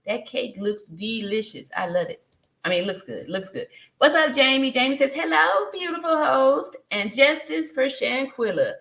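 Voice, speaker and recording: A woman's voice: high voice, expressive, normal speed, vocal fry, a bit bright, roomy sound. A woman in her fifties hosting a casual live stream, greeting viewers by name, reading their comments aloud and laughing often. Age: 50s.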